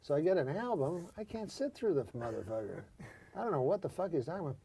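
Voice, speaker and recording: A man's voice: a little high, sing-song, fast, creaky, warm tone, a little hiss or hum. Foul-mouthed man ribbing a friend. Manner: swears constantly, mock insults, laughs. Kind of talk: profane comic banter.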